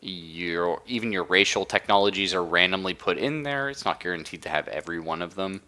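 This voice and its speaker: A low-pitched man with a sharp tone talks briskly while streaming a strategy game, keeping the commentary casual and enthusiastic as he explains the mechanics mid-play.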